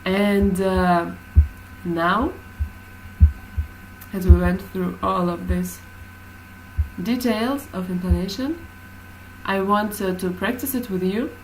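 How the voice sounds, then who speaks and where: A woman's voice: medium pitch, steady tone, slow, long pauses, a little hiss or hum, poor audio. A woman teaching a class, explaining hesitantly with many fillers.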